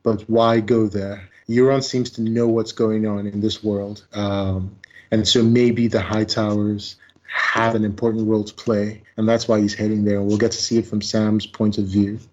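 A man's voice: on the low side, little pitch movement, moderate pace, a little mellow. Musing man on a lo-fi podcast. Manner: musing, speculative. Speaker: podcast co-host. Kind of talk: casual podcast discussion.

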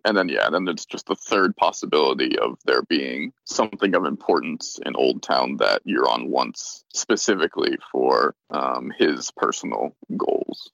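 Very deep gravelly man, hesitant. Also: fairly bright tone, dry recording, muffled recording. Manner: hesitant, lots of fillers. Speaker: podcast co-host. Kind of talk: casual podcast discussion.

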